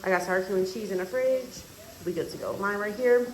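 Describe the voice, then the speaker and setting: A woman talking casually to her viewers in a relaxed, rambling vlog, narrating what she is doing as she goes. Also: medium pitch, brisk, slight background noise, rough recording. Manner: chatty, talks straight to viewers, relaxed and rambling. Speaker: lifestyle vlogger. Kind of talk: casual vlog chat to camera.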